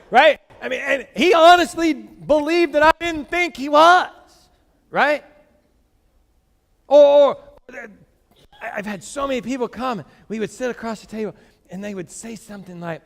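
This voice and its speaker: A male pastor delivers a sermon in a high, very lively voice that leaps up and down. He jokes with his congregation and reads scripture out with force. The sound carries a long hall reverb. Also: measured pace, vocal fry. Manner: animated, joking, reads scripture aloud with emphasis. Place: church sanctuary.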